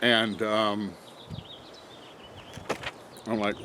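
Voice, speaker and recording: A man with a low, relaxed voice rambles through a casual vlog outdoors, chuckling and talking half to himself as he looks over his truck. Faint outdoor noise sits behind him on a simple camera mic. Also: normal speed, long pauses. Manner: rambling, chuckling, talks to himself while working. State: out of breath from bending over. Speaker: vlogger reviewing a truck job.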